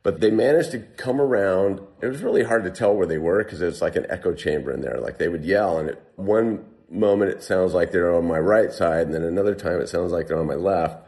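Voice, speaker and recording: Deep-voiced man telling a story. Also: a little fast, few pauses. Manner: animated, heavy use of "like". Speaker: guest telling a survival story. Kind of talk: casual storytelling.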